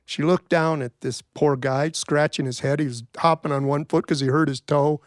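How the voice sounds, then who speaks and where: A middle-aged man telling a folk tale in a wry, folksy, animated way. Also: on the high side, moderate pace, no room sound, clean studio sound. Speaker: storyteller. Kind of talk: told folk-tale storytelling.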